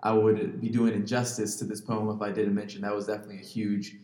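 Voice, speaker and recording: A young man from Virginia with a low voice and a light Southern accent talks in a relaxed, reflective way, using plenty of "like" and "you know". He is a guest in a casual interview. His voice rings out in an echoey room with a long reverb tail. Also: fast talker. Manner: relaxed, reflective, uses many fillers.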